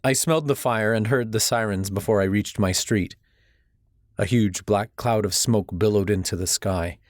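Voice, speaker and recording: A man's voice: on the low side, moderate pace, dry recording, studio quality. A man narrating a first-person audiobook in a tense, urgent storytelling manner.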